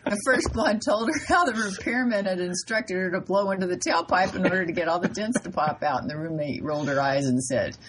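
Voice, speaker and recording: A woman co-hosting a radio health show, telling jokes with lively delivery and brief character voices. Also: lowish voice, brisk, few pauses, noisy background. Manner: animated joke telling, voices the characters' lines. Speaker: co-host nurse.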